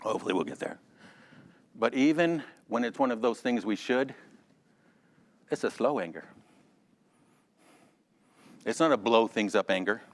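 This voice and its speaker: A man teaching a Sunday school Bible lesson in a lively, conversational way, calling on class members by name and joking along the way. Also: medium pitch, measured pace, long pauses. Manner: animated, addresses class members by name, jokes.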